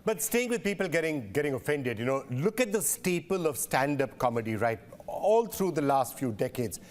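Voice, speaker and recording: A male news interviewer puts probing questions to a guest. He builds them up with repeated phrases and stacked follow-ups. His voice sits a little high for a man. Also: big pitch swings, moderate pace.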